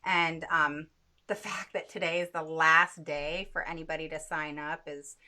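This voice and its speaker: A woman's voice: low voice, flat delivery, normal speed, sharp tone. A woman hosting an interview and running a course, talking in a chatty way full of fillers. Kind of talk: casual interview.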